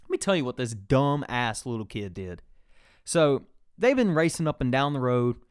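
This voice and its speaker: A man's voice: medium pitch, big pitch swings, moderate pace, clean tone, no echo, clean studio sound. A young man hosting a podcast, telling a rambling, profane story in casual chat. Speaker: podcast host.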